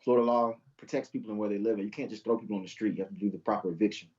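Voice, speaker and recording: Laid-back young police officer, dull remote audio. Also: male voice, on the low side, fairly even intonation, very fast, a little mellow. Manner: laid-back, easygoing storyteller. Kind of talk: casual interview chat, storytelling.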